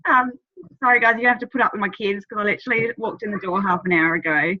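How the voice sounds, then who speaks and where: A woman's voice: mid-range voice, fast talker. Worn out aussie woman rambling on a video call, sorta dull lo-fi sound. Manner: rambling, apologetic. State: tired after a long drive. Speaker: team member sharing on a video call. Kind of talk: casual video call sharing.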